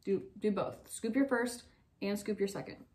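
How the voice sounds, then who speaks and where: A woman's voice: mid-range voice, animated. Young female teacher, patient step-by-step phonics instruction, faint hiss on the recording. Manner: slow, clear step-by-step instructions with pauses. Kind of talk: online phonics lesson for young children.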